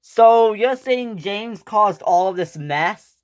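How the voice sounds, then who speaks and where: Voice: mid-range voice, animated, slow, clean tone, voice pushed up. A narrator doing a stern top-hatted railway boss. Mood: businesslike. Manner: scolding, hesitant with ums.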